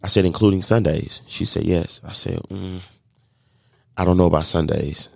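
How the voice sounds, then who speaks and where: A man telling a lively story of faith and business, acting out the voices of the people in it. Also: low-pitched, moderate pace, vocal fry, dry recording, studio quality. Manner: animated storyteller acting out dialogue, faith-filled. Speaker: guest, catering business owner. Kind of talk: storytelling in a podcast interview.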